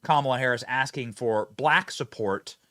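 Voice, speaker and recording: A man's voice: medium pitch, normal speed, fairly bright tone. A male host giving mocking, sarcastic political commentary.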